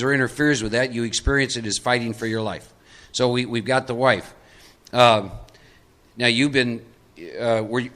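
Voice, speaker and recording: A man leads a live workshop in a meeting room. His voice is bright and forward. He talks conversationally and coaxes audience volunteers into acting out roles. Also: medium pitch. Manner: conversational, coaxing volunteers into role-play. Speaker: recovery workshop speaker.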